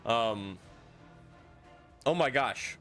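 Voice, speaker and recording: Easygoing male streamer, lively voice. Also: medium pitch, very slow, soft background music. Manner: rambling, easygoing, many fillers. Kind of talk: casual live game stream.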